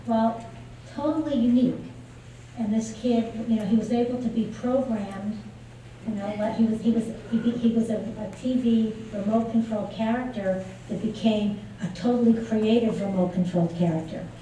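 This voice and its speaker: A keynote speaker on early childhood play gives a conference lecture in a large venue, telling stories conversationally with frequent fillers. Her voice is mellow, fairly high, and steady at a normal speed, recorded from far off in an echoey hall with faint noise.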